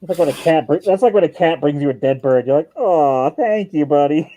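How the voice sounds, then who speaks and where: A man's voice: fairly high pitch, quick pace, mellow, no room sound, low-quality recording. A man hosting a stream in casual, joking chat, swearing and laughing often. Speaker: stream host.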